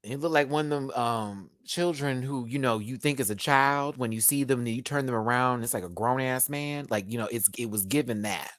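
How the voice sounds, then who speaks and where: Guy doing a live reality tv review, super expressive and cussing, dry close sound. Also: mid-range voice, normal speed, hardly any pauses, no room sound. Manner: expressive, profane, swings between emotional and giggly. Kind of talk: casual live reaction review.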